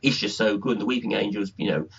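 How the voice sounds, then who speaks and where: Husky man rambling on a podcast. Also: on the low side, fairly even intonation, dull audio. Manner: rambling, halting, restarts a lot. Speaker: podcast co-host. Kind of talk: casual review chat.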